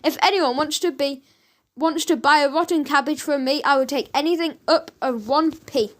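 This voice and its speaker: A woman's voice: high-pitched, moderate pace, natural voice. A woman voicing a cheeky, eager male shopkeeper.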